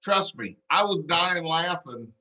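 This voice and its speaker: A jokey male host of a sports talk show, with a higher voice and a bright, forceful edge. He ribs his guest in easygoing chat. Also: lively intonation, a little slow, rough recording. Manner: teasing, jokey. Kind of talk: casual chat.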